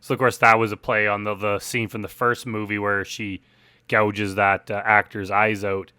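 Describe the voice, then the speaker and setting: A man talks casually through a commentary track on his own film, rambling and leaning on fillers. His low voice has a bright, forceful edge. The sound is close and dry. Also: moderate pace, clear, resonant tone, no echo. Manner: relaxed, rambling, heavy on "like" and "uh". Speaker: film director. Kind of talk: director commentary.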